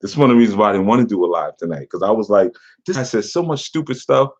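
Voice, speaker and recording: A man's voice: on the low side, lively intonation, racing, a little mellow. A man who is a spiritual teacher, reading a message aloud in a casual commentary and breaking off with laughter and sarcastic asides. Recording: dull lo-fi recording.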